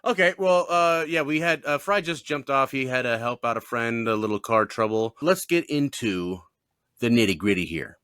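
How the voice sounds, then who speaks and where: A man's voice: mid-range voice, lively intonation, moderate pace, fairly bright tone, smooth, no room sound. Laid-back man hosting a podcast, dry sound. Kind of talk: casual podcast chat.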